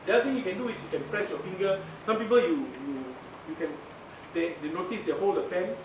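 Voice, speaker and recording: A high-voiced man talks fast in a chatty workshop lecture on media communication, laughing often. He has a Malaysian English accent and mixes in Malay words, and the audio is noisy, echoey, and recorded from far away.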